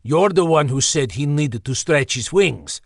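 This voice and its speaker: A man's voice: fairly high pitch, animated, unhurried, no echo, studio quality. A man doing a brash Slavic-accented griffin bully. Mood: accusing. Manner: taunting, clipped broken phrasing.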